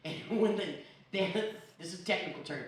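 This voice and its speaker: A woman's voice: on the low side, moderate pace. Foul-mouthed woman comic on stage. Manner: crude, profane, self-mocking. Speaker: storyteller comic. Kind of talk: live stand-up storytelling. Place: comedy bar stage. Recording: echoey room from far off, crowd noise. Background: laughing crowd.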